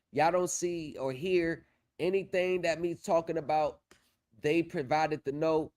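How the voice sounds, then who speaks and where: A man's voice: on the high side, fairly even intonation, unhurried, a little mellow. A man hosting a casual livestream, talking confidently and repeating himself, trailing off while he works his screen, into a streaming setup mic. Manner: confident, repetitive, drifts off while working the screen. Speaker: livestream host on pro se legal help.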